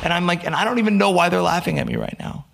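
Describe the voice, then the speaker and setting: A man from the United States, a podcast guest, telling lively stories and acting out the lines of the people in them. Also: sits high, very fast, gravelly. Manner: animated storyteller, acts out quotes. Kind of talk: casual storytelling interview.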